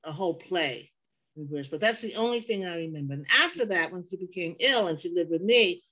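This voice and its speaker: An older woman recalling her mother in conversation, pausing often to search for words. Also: on the low side, lively intonation, sharp tone, rough recording. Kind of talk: conversational recollection.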